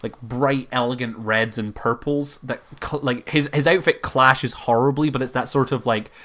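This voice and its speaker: A man's voice: mid-range voice, fairly even intonation, normal speed, pushed and bright. A man narrating as game master of a tabletop game, rambling with frequent fillers.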